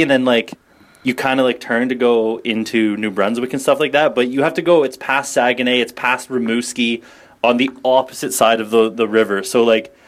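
A man co-hosting a casual podcast chat, joking and animated, often laughing between quick asides. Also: medium pitch. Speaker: podcast co-host.

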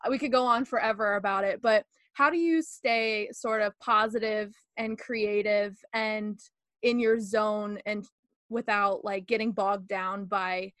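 A woman's voice: medium pitch, fairly even intonation, unhurried, fairly bright tone, dry recording. Bubbly woman with a Northern American accent. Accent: Northern American English. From northern United States. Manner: bubbly, giggly, lots of fillers. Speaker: podcast host. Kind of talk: casual podcast chat.

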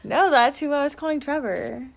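A woman's voice: high voice, normal speed, creaky. Teasing young woman co-host. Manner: teasing and laughing, swears freely. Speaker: podcast co-host. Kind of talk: casual chat.

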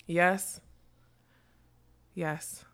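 A woman's voice: fairly low pitch, steady tone, very slow, a bit bright, exaggerated voice. A woman reading a storybook, voicing a scheming old carnival witch with a sweet, smoky, mocking voice. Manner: mocking, snarling when crossed.

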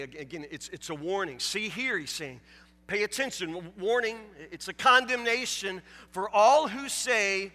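Man, preacher, sharp bright tone, halting repeated words, folksy asides, echoing sanctuary. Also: high voice, lively intonation, soft background music. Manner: stammering repetitions, rhetorical questions, conversational asides. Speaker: pastor. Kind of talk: sermon. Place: church sanctuary.

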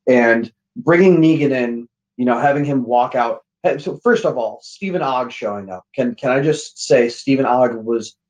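A man chatting on a podcast, cursing freely and slipping into little acted-out quotes as he tells his stories. His voice comes through a muffled, lo-fi line, at an ordinary middle pitch for a man. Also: moderate pace, hardly any pauses. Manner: animated, profane storytelling with acted-out quotes. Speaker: podcast guest. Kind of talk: casual chat.

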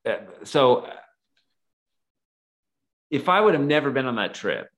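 A man's voice: medium pitch, sing-song, unhurried, fairly bright tone. A man telling a personal story in a casual, earnest way, rambling and full of "like" fillers. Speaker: guest, photographer and nonprofit founder.

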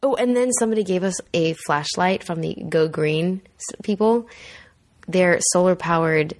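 A woman's voice: fairly low pitch, moderate pace, darkish tone. A woman hosting a podcast in casual, chatty talk, with hiccups and a laughing, bantering way of speaking. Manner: chatty, laughing, tipsy-then-sobered banter. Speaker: podcast host. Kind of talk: casual chat.

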